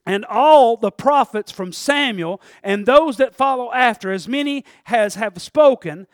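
High-voiced man preaching. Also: animated, unhurried, no echo, clean studio sound. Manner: folksy, swings from hushed asides to shouting. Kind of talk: sermon.

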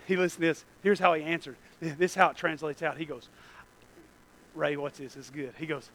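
A man preaching a sermon to a church congregation, swinging from low asides to shouted, drawn-out peaks. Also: fairly even intonation, poor audio.

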